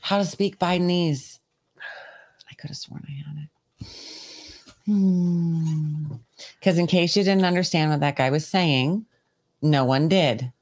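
A woman's voice: low voice, slow pace, long pauses, darkish tone. A woman hosting a podcast, chatting casually while cueing up clips. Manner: chatty, playing clips for co-host. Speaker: podcast host. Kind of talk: casual chat.

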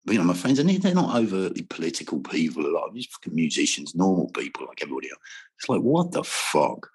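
A man's voice: sits low, sing-song, racing, a little mellow, husky. A man in a casual interview, telling rambling stories about music and travel, swearing freely and laughing often. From Wales. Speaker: guest musician.

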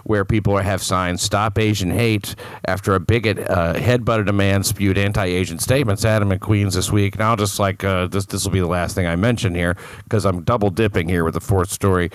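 A man reads crime stories on a podcast in a fairly low voice, dropping dry, sardonic asides as he goes. The sound is close and dry, with no room in it. He keeps the tone of casual banter. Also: fairly even intonation, a little fast, no room sound. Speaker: podcast guest reading crime news.

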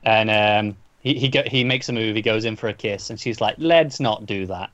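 A man's voice: on the low side, steady tone, a little fast, fairly bright tone, no room sound, muffled recording. A man co-hosting a podcast, casually recapping a story at length with frequent restarts and repeated words. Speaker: comic book podcast co-host.

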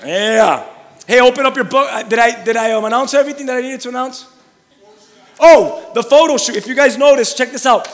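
With an extremely high pitch and a fast delivery, a male pastor works through church announcements, stammering and restarting again and again. He then erupts into loud, excited, sermon-style shouts and laughter aimed at the congregation, ringing with long reverb in a large hall.

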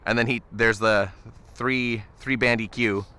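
A man cohosting a podcast, telling a story in an animated, casual way and chuckling often. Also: mid-range voice, unhurried, clear, resonant tone. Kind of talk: casual chat.

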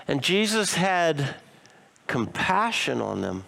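A male pastor preaching a sermon expressively, asking his listeners rhetorical questions and slowing down to stress key phrases. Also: high-pitched, big pitch swings, gravelly, fairly bright tone.

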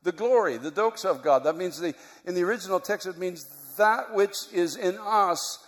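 A man preaching a sermon, moving from quiet, reflective teaching to loud, impassioned preaching. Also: high voice, moderate pace. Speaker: pastor. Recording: long hall reverb.

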